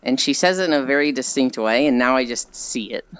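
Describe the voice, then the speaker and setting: A woman's voice: rumbling low, expressive, a little fast, clean tone, dry recording, muffled recording. A woman streamer chatting casually and rambling with frequent giggles while she walks. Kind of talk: casual chat while walking.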